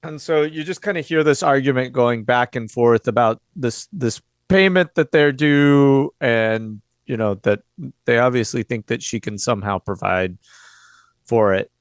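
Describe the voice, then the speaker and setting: A man narrating as game master of a tabletop game, describing scenes in a relaxed way. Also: medium pitch, a little slow, smooth, no room sound.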